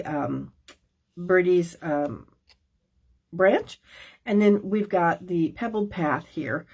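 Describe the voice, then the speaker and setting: A middle-aged woman hosting a crafting class, talking casually and folksily with many fillers and asides. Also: fairly low pitch. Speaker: stamping demonstrator hosting a class. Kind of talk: casual craft show-and-tell.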